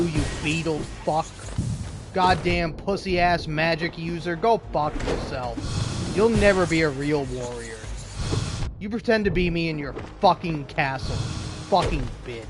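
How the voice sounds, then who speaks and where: High-pitched guy cussing out a video game, sarcastic, music going in the background. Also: measured pace. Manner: furious, sarcastic ranting at the game. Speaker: gaming video creator. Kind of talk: profane gameplay commentary. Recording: game music playing behind.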